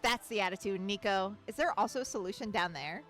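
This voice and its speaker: A woman's voice: medium pitch, fairly quick, soft background music. A woman streamer chatting casually during a game, laughing often.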